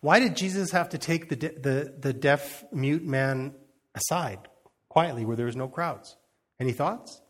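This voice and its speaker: A man's voice: on the high side, unhurried, breathy edge. A man giving an informal sermon, reading scripture and retelling it in a conversational way, acting out the quotes and chuckling as he goes. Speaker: preacher.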